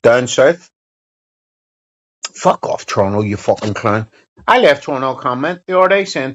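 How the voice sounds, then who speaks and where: A man's voice: medium pitch, animated, moderate pace, pauses often. A man, chatting casually and rambling while live streaming, swearing and joking. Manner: profane, rambling, joking banter.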